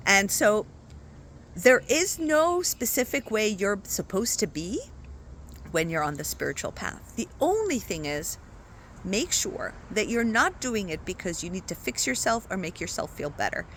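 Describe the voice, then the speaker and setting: A woman spiritual coach talking casually to her viewers in an expressive, chatty way, often checking in with "right?". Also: medium pitch, measured pace, slight background noise. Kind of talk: casual spiritual talk to camera.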